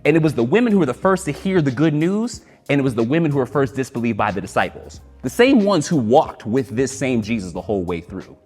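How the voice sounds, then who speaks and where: A man telling a sacred story as a dramatic spoken-word sermon, swinging between hushed and loud and slowing for emphasis. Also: mid-range voice, big pitch swings, husky. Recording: long hall reverb, faint music.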